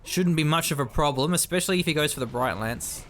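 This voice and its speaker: A man's voice: a little high, quick pace, a bit bright, slight background noise. A man commentating a strategy video game in a casual, chatty way, often trailing off and restarting.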